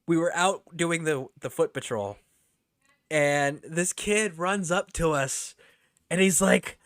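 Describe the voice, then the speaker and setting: A man's voice: fairly high pitch, unhurried, fairly bright tone, no room sound, clean studio sound. A man streaming a video game, chatting casually, laughing often and swearing freely as he tells stories. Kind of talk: casual live-stream chat with storytelling.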